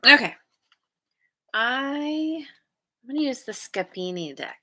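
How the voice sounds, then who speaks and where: A woman's voice: high-pitched, animated, slow pace, bright, forceful tone. A woman giving a casual tarot reading, thoughtfully searching for words as she reads the cards aloud. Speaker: tarot reader.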